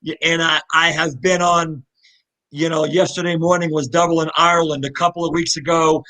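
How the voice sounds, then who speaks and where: Here, a middle-aged guest from Louisville, Kentucky recounts his story in a live interview, earnest and heartfelt, animated, and restarting often. His voice runs on the high side at normal speed. The recording quality is low.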